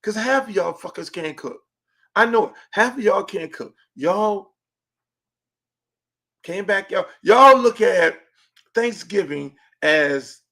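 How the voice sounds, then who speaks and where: A middle-aged man with a Miami accent hosting a casual livestream podcast, profane and joking, swinging between booming and hushed talk. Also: gravelly. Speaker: podcast host.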